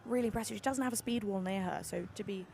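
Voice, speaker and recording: A woman doing live sports commentary, excitable and gushing, with lots of fillers and restarts. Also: medium pitch, fast, creaky. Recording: busy venue noise behind.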